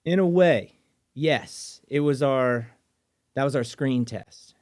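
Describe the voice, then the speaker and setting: A man from southern Mississippi hosting a podcast in casual chat, eager and excitable, often restarting his sentences. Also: medium pitch, takes it slowly. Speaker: podcast host.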